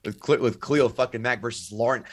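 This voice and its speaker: A man's voice: medium pitch, steady tone, fast, no echo. A man trading profane, blunt sports trash talk in a casual podcast chat. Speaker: podcast guest.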